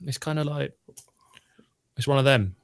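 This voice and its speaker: This man, also co-hosting the live stream, keeps up easy chatter over the race and reads tweets from viewers. He has a medium-pitched, clear, resonant voice and speaks at a moderate pace.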